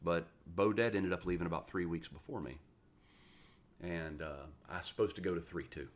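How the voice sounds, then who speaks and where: Deep-voiced, profane former Marine storyteller. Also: male voice, normal speed. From West Virginia. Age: 40s. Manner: profane, animated storyteller who acts out quoted dialogue. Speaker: podcast guest, retired Marine. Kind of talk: casual storytelling interview.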